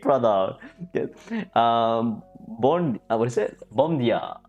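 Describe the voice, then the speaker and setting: A man's voice: mid-range voice, animated, takes it slowly, a little mellow, soft background music. A man casually co-hosting a livestream of a card game tournament, chatty and laughing often, greeting viewers in chat. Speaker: co-host and commentator.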